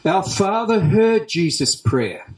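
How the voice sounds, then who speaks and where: An Australian man preaching a sermon as pastor, emphatic, repeating key phrases with deliberate pauses. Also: high-pitched, big pitch swings, darkish tone. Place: church hall. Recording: roomy church hall echo.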